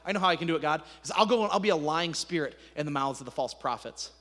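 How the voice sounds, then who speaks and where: A man voicing an eager, sly spirit who talks quickly and schemingly, in a sermon retelling. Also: on the high side, expressive, fairly bright tone. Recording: echoey hall reverb.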